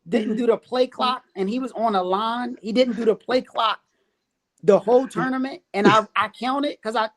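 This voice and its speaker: Animated Philly guy telling ref stories. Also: sits high. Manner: animated, exasperated, laughing through stories. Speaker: referee, podcast guest. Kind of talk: casual storytelling chat.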